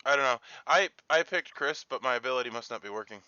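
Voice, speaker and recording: Male player: bright, wildly lively pitch, self-mocking, on a dry, slightly muffled mic. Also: quick pace, clear, resonant tone, dry recording. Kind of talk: casual game banter.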